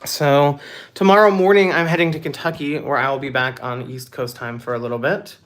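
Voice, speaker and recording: A young woman hosting a casual livestream Q&A, reading out chat comments in a bubbly, chatty way with quick asides. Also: a bass voice, fairly even intonation. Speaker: livestream host.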